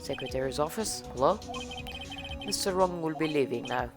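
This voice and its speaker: A woman's voice: deep voice, expressive, moderate pace. A woman voicing a haughty, threatening older male villain in a video game, speaking with cold condescension. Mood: condescending. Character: smug, menacing rich older male villain. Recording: game music playing behind. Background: game music.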